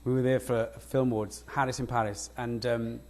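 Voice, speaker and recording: A Welsh actor in an on-stage conversation, telling lively anecdotes with frequent laughs and restarts. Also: male voice, medium pitch, normal speed. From Wales. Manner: animated anecdotes, laughs often, self-interrupting restarts. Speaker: guest actor. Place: lecture stage before an audience.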